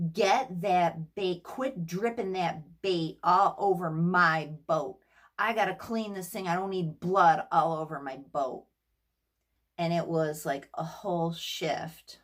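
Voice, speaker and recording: A middle-aged woman telling a personal story to her audience in a casual, animated way, acting out what others said and laughing now and then. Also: lowish voice. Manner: animated, acts out quotes, laughs often. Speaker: therapist sharing a personal story.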